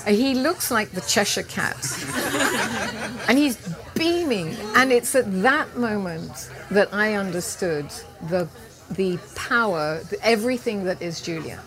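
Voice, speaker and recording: Woman spinning an animated anecdote. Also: mid-range voice, a little slow, crowd noise. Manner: animated anecdote-telling with laughs and quoted voices. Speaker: cooking teacher, guest. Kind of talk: storytelling interview. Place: outdoor farmers' market event. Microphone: handheld interview mic, live recording.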